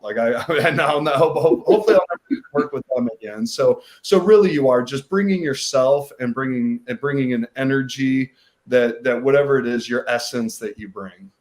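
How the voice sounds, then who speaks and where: A man from Missouri, an actor, speaking as a guest on a panel. He talks in halting bursts with frequent restarts. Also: mid-range voice, darkish tone. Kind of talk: panel discussion.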